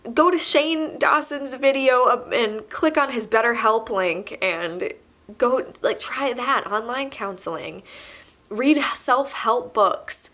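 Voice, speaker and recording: A young woman vlogging to camera, halting and soft-spoken as she admits she is pregnant and emotional. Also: on the high side. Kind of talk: candid emotional confession to camera.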